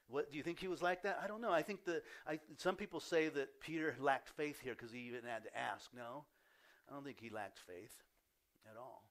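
A man's voice: mid-range voice, normal speed, fairly bright tone. Older man preaching a storytelling sermon. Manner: storytelling, acts out voices of people in the story. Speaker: pastor. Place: church.

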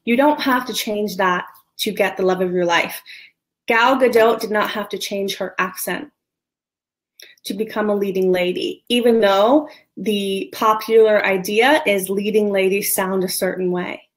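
A woman in her thirties speaks as a love coach, earnest and encouraging. She talks straight to her listener and stretches out the words she wants to land. Her pitch sits in the middle range for a woman. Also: fairly even intonation, a little slow. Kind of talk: motivational talk to camera.

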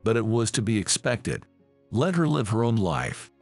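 A man's voice: lowish voice, sing-song, moderate pace, a little mellow, faint music behind. A man voicing a reserved gamekeeper father, reading his lines in a curt manner.

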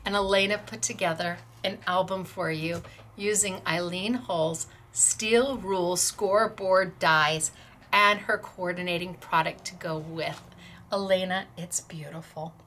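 A middle-aged woman hosting a craft class from her store, gushing and emotional over handmade gifts, laughing often and talking slowly and fondly. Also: on the low side, fairly even intonation, fairly bright tone, a little hiss or hum. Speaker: craft store owner and host. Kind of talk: unboxing and showing crafts on a class video.

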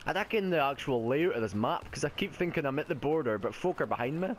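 A young man doing live gameplay commentary from a home gaming setup on a headset mic. His talk is excitable and sweary, and he often laughs at himself. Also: on the high side, quick pace, slight background noise. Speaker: gaming YouTuber.

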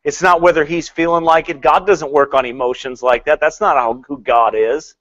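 Animated, fairly high-voiced male preacher. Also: normal speed, muffled recording. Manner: animated, swinging between loud and hushed; laughs often and mocks with put-on quotes. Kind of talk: sermon.

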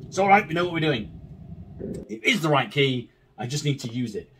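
A gaming video creator provides let's play commentary on a horror game, swearing constantly and arguing back at it in agitation. His fairly high voice has a sing-song lilt at a moderate pace, recorded on a distant mic with a noisy background and faint game music.

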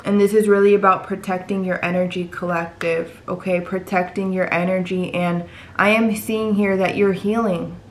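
A woman's voice: medium pitch, flat delivery, normal speed. A woman giving a tarot reading to her viewers, reassuring and repeating phrases for emphasis. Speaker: tarot reader.

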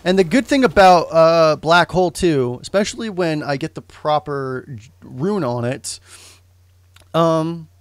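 A young man talks loosely over his gameplay, wandering off on asides and restarting his sentences. His voice sits a little high for a man. The sound is close and dry, with no room around it. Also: a little slow, clean tone, dry recording. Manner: rambling, self-correcting, joking asides. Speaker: game streamer. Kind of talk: casual gameplay commentary.

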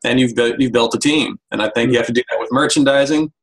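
A man's voice: medium pitch, fast, rough recording. A man, a guest in a casual interview, summing things up and agreeing emphatically.

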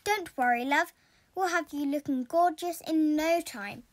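Storybook role: a kind young hairdresser, reassuring and calm, high and unhurried, as a woman reads her. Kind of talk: storybook character voice.

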